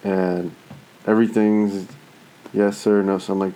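A man in his thirties talks casually, swearing freely as he tells his stories. His voice is low and dark, and he acts out other people's lines with quick, animated turns. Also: low-quality recording. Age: 30s. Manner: profane, animated storytelling with voiced asides. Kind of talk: casual chat.

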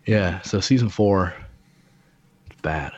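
Low-voiced man in loose casual chat. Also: slow, dull audio, a crowd in the background. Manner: loose, joking, swears freely.

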